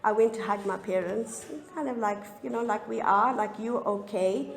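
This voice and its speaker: A woman's voice: mid-range voice, vocal fry. Emotional woman sharing in an echoey room. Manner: emotional, halting, candid. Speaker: speaker sharing a recovery story. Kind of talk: personal testimony at a recovery meeting. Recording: echoey room, faint ambience.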